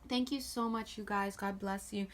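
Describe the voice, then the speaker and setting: A woman giving a casual tarot reading to camera, chatty and playful and warmly encouraging toward her viewers. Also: medium pitch, fairly even intonation, normal speed. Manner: chatty and playful, giggles often. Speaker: tarot reader.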